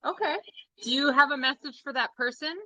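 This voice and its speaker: A woman hosting a live-streamed seance, listening to a spirit box and puzzling over faint messages in a hushed way. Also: sits high, brisk, dry recording. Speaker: host.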